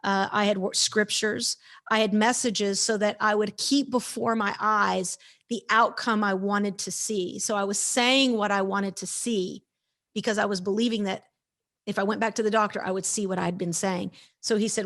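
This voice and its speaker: Energetic woman telling a faith testimony. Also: mid-range voice, normal speed. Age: 50s. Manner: energetic, emphatic storyteller who acts out quoted lines. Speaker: guest speaker. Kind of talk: testimony storytelling in an interview.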